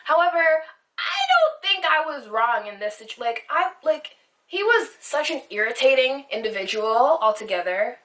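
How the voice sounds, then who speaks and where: High bright woman ranting a storytime. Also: sing-song, normal speed, far from the mic. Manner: rambling, heated, swears constantly. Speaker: vlogger. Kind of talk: storytime vlog. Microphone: phone camera.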